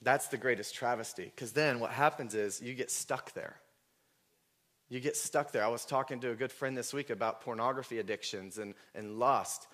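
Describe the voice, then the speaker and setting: A man preaching a sermon, earnest and emotional, telling personal stories and at times rising almost to a shout. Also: medium pitch, normal speed. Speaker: pastor.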